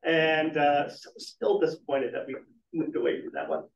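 A middle-aged man, a business trainer, telling lively stories to a meeting room and asking the audience questions. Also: fairly high pitch, moderate pace, a little hiss or hum. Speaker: business trainer and guest speaker. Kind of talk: storytelling talk at a networking meeting. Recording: echoey, muffled room recording from far off.

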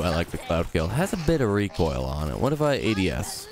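A man's voice: wildly swooping pitch, a little fast, hardly any pauses, music in the background. Goofy young man narrating his gameplay. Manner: goofy, silly rambling with sudden high squeals. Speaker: gaming YouTuber. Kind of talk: let's play commentary.

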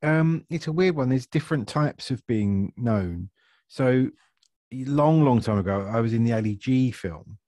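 A man, chatting as an actor guest in a relaxed interview, self-deprecating and laughing often. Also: medium pitch, measured pace, no room sound. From Essex, England. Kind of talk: casual interview chat.

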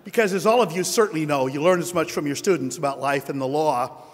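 A man's voice: on the high side, fast talker. Wry older man speaking at a podium. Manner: wry, self-deprecating, anecdotal. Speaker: award recipient giving acceptance speech. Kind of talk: humorous acceptance speech. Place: large hotel ballroom at a conference. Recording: long hall reverb.

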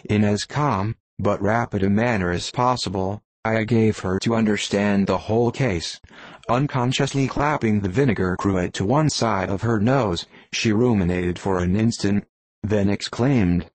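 A man narrating an audiobook in a plain, steady storytelling manner. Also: lowish voice, a little slow, no room sound. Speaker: volunteer reader.

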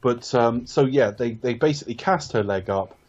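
A man's voice: medium pitch, moderate pace, a little mellow, lo-fi sound. A man co-hosting a casual film review podcast, rambling and correcting himself as he talks, with casual swearing. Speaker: podcast co-host.

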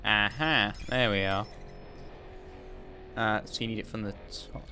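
Let's play host, male, gravelly low voice, muttering commentary, music underneath. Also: measured pace, pushed and bright. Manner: muttering, thinking aloud. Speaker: gaming video host.

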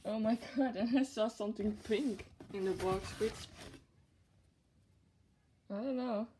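A woman's voice: medium pitch, a little slow, warm tone, slight background noise. A young woman vlogging an unboxing in casual chat to camera, gushing and giggly. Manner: gushing and giggly, with frequent laughs. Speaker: vlogger showing a plush unboxing.

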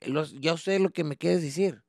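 A man voicing his irritated, tired father, who shouts scoldings in Spanish after work. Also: a little high, moderate pace, dry recording, studio quality, pitched above the performer's own voice, lightly acted. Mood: blunt.

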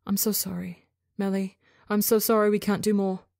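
A woman's voice: mid-range voice, level tone, moderate pace, gravelly, a little mellow, no echo, clean studio sound, natural voice. A woman voicing a loving alien mother with antennae, pleading and watery-voiced. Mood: urgent, tearful.

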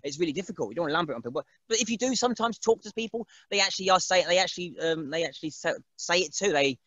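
A man's voice: sits high, lively intonation, rapid-fire, a bit bright, no echo, dull audio. A man, chatting casually as an interview guest, rambling and laughing often and mimicking other people's voices. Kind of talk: casual chat.

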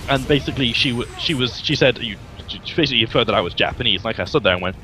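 A man's voice: medium pitch, lively intonation, rapid-fire, over music, poor audio. A young man from England, telling a story to a friend in a casual, joking way with some swearing. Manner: chatty, swears casually, jokes at himself. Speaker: vlogger.

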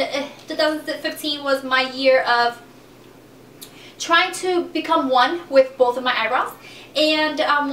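A woman's voice: high-pitched, sharp tone, roomy sound, far from the mic, slight background noise. A young woman chatting casually through a beauty product review, gushing about favorites. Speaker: beauty vlogger.

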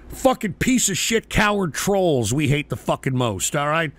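A man's voice: on the high side, very animated, moderate pace, a bit bright. A man hosting a call-in show, swearing and ranting at trolls while taking shots on air. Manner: rowdy, swearing, mock-rants at trolls. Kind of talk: profane call-in show banter.

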